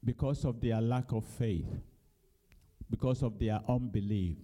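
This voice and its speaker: A man preaching a sermon, reading scripture in a low voice and then rising into loud, emphatic exhortation. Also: unhurried.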